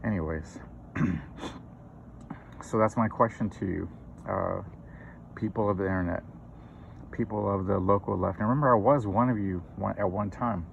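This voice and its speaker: A man's voice: on the low side, moderate pace, creaky, pauses often. A middle-aged man hosting his own channel, giving a political opinion monologue with many fillers and restarts. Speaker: channel host. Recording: dull lo-fi recording with faint noise.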